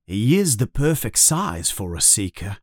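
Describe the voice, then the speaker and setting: Eager teen team captain, read by the narrator; keen, fast, close and dry. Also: mid-range voice, no echo. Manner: excited, quick and keen.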